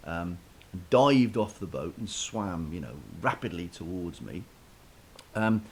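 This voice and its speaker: A man's voice: sits low, expressive, slow. A man casually telling a self-deprecating story in a chat, with lots of restarts, over a faint hiss.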